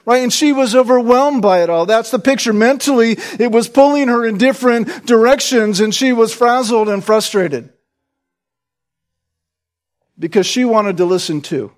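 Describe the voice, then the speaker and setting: Preaching a sermon in a very high voice, this man is emphatic, restarting words as he presses his point. He often checks in with listeners using a quick "right?"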